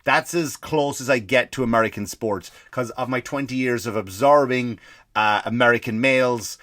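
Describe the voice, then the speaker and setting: A man's voice: medium pitch, normal speed, fairly bright tone, dry recording, clean studio sound. An Irish man in his forties, a comedy podcast host, ranting in a rambling, profane way full of restarts. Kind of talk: comedic rant.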